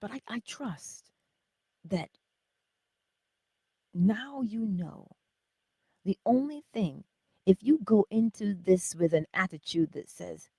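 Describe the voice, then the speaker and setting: A woman hosting a motivational livestream, with a husky voice, laughing often and answering her chat. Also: lowish voice, dry recording, clean studio sound. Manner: animated, laughing, talks to chat. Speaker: livestream host.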